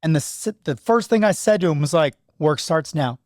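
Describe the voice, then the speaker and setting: A man hosting a podcast who coaches high school lacrosse, telling stories in an animated, earnest way. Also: moderate pace, no echo, clean studio sound. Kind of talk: casual podcast storytelling.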